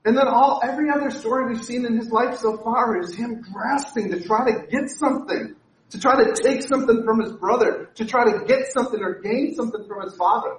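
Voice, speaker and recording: High-voiced pastor preaching in an echoey hall. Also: male voice, a little fast, recorded from a distance. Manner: energetic, joking asides, repeats words. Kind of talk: sermon. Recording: echoey room, speaker away from mic.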